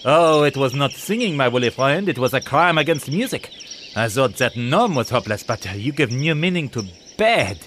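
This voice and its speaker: A man's voice: mid-range voice, expressive, normal speed, noisy background, natural voice. Man playing a snooty, pompous pelican. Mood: indignant. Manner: haughty, scornful.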